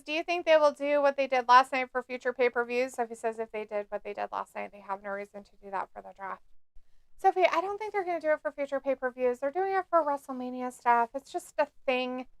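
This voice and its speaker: A woman's voice: high voice, fairly quick, clean tone, no echo. A woman co-hosting a casual live stream, chatty and reading viewer comments aloud with frequent laughs. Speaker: co-host reading live chat.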